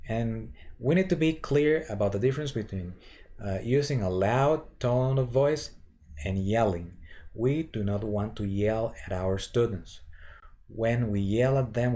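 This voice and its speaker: Guy teaching voice warmups, slow and halting, lots of uhs, mellow dark tone. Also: mid-range voice. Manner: slow, halting, with many fillers and restarts. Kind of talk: instructional lecture with vocal demonstrations.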